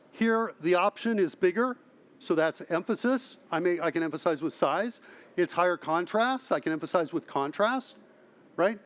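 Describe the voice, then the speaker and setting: A man speaking as a conference presenter, giving a technical talk in a lively way, often checking in with the audience and restarting his phrases. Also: high-pitched. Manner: lively, asks audience "right?" often, self-correcting restarts. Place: large conference hall.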